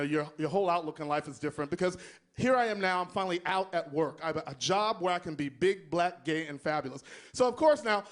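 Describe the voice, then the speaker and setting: A man from Texas doing a live stand-up set, telling stories in a sassy, flamboyant way with asides to the crowd. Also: high-pitched. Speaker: stand-up comedian.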